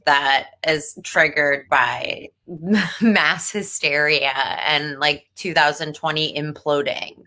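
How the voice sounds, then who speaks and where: Female New Jersey comedian guest, bright crisp tone, upbeat and casual. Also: sits low, fairly even intonation. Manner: upbeat, swears casually, quick storytelling. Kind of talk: casual comedy podcast chat.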